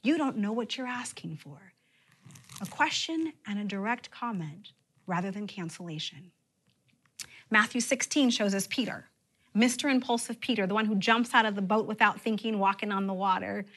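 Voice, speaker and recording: A woman pastor preaching a sermon, with expressive emphasis and sudden drops to a near-whisper. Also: medium pitch, normal speed.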